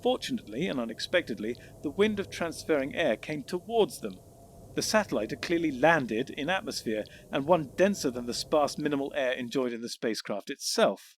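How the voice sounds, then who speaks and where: A man reading audiobook narration in a measured, descriptive way. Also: medium pitch, lively intonation, a little hiss or hum. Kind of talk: scripted narration.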